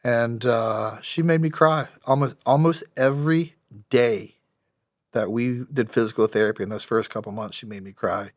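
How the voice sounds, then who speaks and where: This is a clean, studio-quality podcast recording without room sound. The guest, a middle-aged American ex-soldier with a mid-range voice, recounts his story frankly, stumbling through frequent restarts and filler words.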